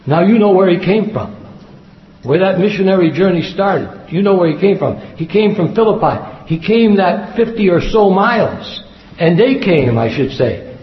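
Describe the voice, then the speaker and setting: A man with a fairly high voice preaches a sermon in earnest, repeating key phrases to drive them home. The recording is dull and lo-fi, and his voice rings out in a large echoing hall. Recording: echoey hall, dull lo-fi sound.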